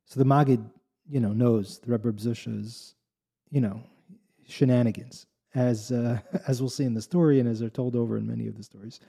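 A man tells a folk tale in a loose, animated way, restarting phrases and adding joking asides. His voice is gravelly with a dark, mellow tone. He sounds at ease. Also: medium pitch, moderate pace. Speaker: storyteller. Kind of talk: casual spoken storytelling.

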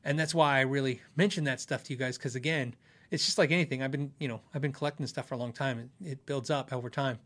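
In a laid-back live-stream chat, a middle-aged guitar show host responds to viewers' questions, rambling and laughing at himself a lot. His pitch is medium and his tone steady, slightly bright, and he talks at a quick clip.

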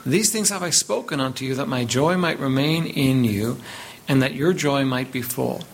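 A man's voice: medium pitch, normal speed, vocal fry, slight background noise. A man preaching a sermon as pastor, reading scripture aloud and emphatically repeating words as he builds his points.

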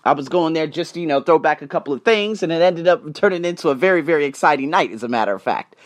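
A man hosting his own podcast, telling personal stories in a casual motivational monologue, swinging between loud emphasis and quiet asides. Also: fairly high pitch, lively intonation, quick pace. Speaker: podcast host.

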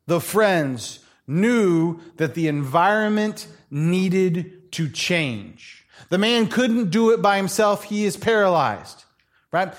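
A man preaching a church sermon, telling stories animatedly, acting out quoted voices and laughing often. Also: high voice. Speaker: pastor.

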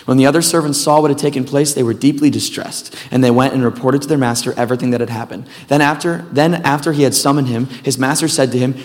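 A man's voice: mid-range voice, fast talker, a little mellow, big-room sound. A male pastor preaching a sermon in a loose, casual way, with rambling, self-deprecating asides.

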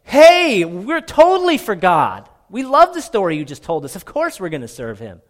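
A gushing, overeager crowd, as a man puts it on in a sermon. The voice jumps high and loud, all fervor and easy promises. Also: very animated, unhurried, full character voice. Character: eager, fervent crowd of ancient Israelites.

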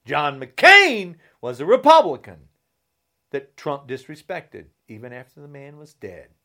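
A man delivering a heated, insulting rant straight to camera, swinging between shouting and a low, menacing growl. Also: huge pitch swings, unhurried, gravelly. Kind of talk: angry political rant to camera.

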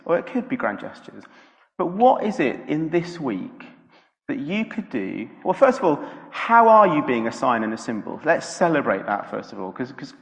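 A man giving an informal sermon in a church, telling a personal story in a chatty, halting way with many fillers and restarts. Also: a little high, vocal fry, long reverb tail. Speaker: preacher.

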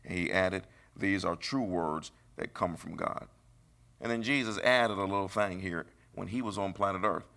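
A middle-aged man preaching a sermon, emphatic and rising into high bursts. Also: normal speed, creaky, a bit bright.

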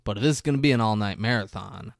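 A man's voice: on the low side, fast, creaky, no echo, studio quality. A man putting on a blunt, grumbling firefighter instructor while retelling a movie.

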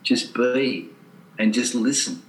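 A male host muses earnestly on consciousness and spirituality, pausing on fillers as he gathers his thoughts. His voice sits at a middle pitch. The room around him is echoey. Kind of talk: reflective spiritual talk.

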